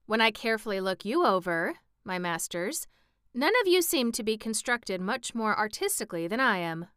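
A woman's voice: medium pitch, big pitch swings, normal speed, a bit bright, smooth, no room sound, clean studio sound, voice pushed up. A woman voicing a gloomy, newly made flying creature in a storybook reading, with a pensive, careless manner. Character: new-made Gump creature, gloomy, solemn, detached. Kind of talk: audiobook reading.

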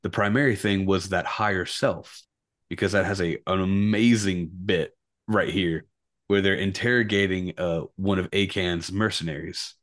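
A man co-hosting a casual movie podcast, telling behind-the-scenes stories with lively acted-out quotes. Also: sits low, moderate pace. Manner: animated storyteller, acts out quotes. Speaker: podcast co-host.

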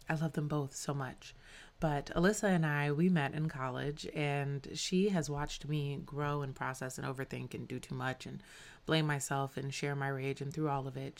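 A woman hosting a podcast, talking candidly and casually about her friends, with fillers and some swearing. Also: extremely low pitch. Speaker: podcast host. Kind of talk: scripted podcast narration.

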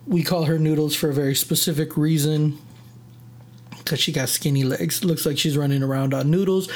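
A man's voice: on the high side, darkish tone. Rambling casual man telling a story. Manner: rambling, goes off on tangents, self-deprecating. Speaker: podcast host.

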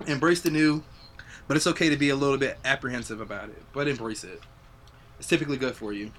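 Young guy hosting a podcast, fast and bright, laid-back, cusses a lot. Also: medium pitch, slight background noise. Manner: laid-back, swears freely, reflective. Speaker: podcast host. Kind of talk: casual chat.

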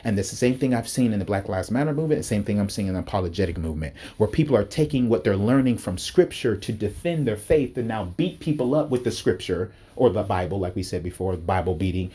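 Fervent preaching man, husky and dark. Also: animated, fast, hardly any pauses. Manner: fervent, repeats himself, pitch climbs sharply when worked up. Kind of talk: impassioned sermon-style talk. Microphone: speaking to a recording device.

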